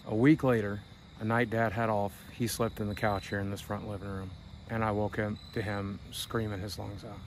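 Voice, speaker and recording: A man's voice: lowish voice, little pitch movement, moderate pace, a little hiss or hum. A middle-aged man vlogging a tour of his hometown, telling candid stories in a wry, conversational way. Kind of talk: casual storytelling. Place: outdoors at night.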